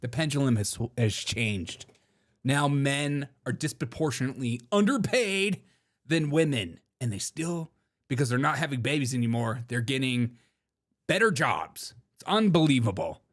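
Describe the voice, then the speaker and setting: A man's voice: medium pitch, expressive, normal speed. A young man hosting a casual political commentary show, joking and laughing often, mocking people in put-on quotes. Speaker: show host.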